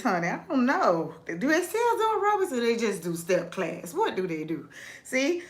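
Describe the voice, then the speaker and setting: Woman host, casual livestream, high bright voice that bounces around a lot, playful chat reader. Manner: animated and playful, reads chat aloud, sing-song repetition.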